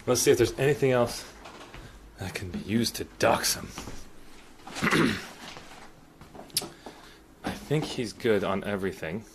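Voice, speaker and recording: A man's voice: lowish voice, animated, takes it slowly, long pauses, slight background noise. A man hosting a casual livestream from indoors in an apartment, chatting in a rambling way and thanking viewers. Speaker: streamer host.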